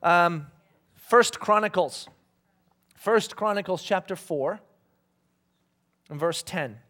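A man's voice: sits high, takes it slowly, fairly bright tone. Joking, conversational male preacher. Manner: conversational and joking, laughs often, acts out voices. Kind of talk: casual sermon.

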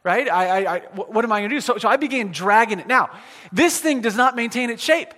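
A man preaching a sermon as a pastor, telling a personal story in a self-deprecating way, with many halting restarts. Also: sits high, animated, bright, forceful tone. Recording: long reverb of a large hall.

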